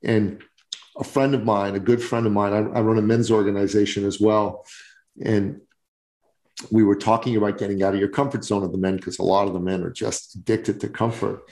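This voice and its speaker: An earnest man hosting a podcast interview, speaking with emphatic, preachy conviction. His voice is low and carries a gravelly rasp. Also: flat delivery, fairly quick, a little mellow. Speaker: podcast host. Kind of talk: motivational interview talk.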